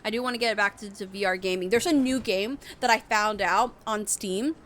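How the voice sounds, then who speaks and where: A woman's voice: mid-range voice, brisk, a bit bright. A young woman streamer chatting casually on a live stream, rambling with lots of fillers. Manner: rambling, full of fillers and restarts. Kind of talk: casual livestream chat.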